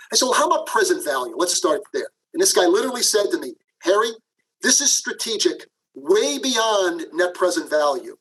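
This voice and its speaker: Middle-aged man, high-pitched, animated interview guest who acts out his anecdotes. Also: poor audio. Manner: animated, acts out quotes, frequent "okay?" asides. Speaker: guest, leadership professor. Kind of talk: podcast interview, storytelling.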